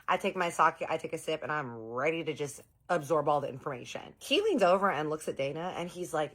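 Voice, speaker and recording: A woman telling a story in a sassy, gossipy way. Her voice sits low for a woman and stays casual throughout. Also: lively intonation, a little fast, few pauses, a bit bright.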